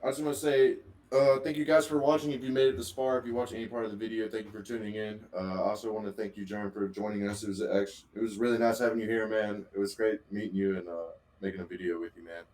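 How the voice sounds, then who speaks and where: A man co-hosting a casual podcast, giving quick, plain thanks and sign-offs. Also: fairly low pitch, level tone, a little mellow, rough recording. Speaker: podcast co-host. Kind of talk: casual chat.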